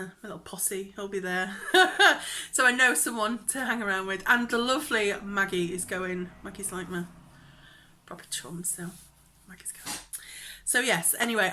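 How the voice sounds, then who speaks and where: A young woman chatting casually in a craft vlog, giggly and rambling, sometimes dropping into a whisper. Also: mid-range voice. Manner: chatty, giggly, drops into whispers when excited. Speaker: cross-stitch vlogger.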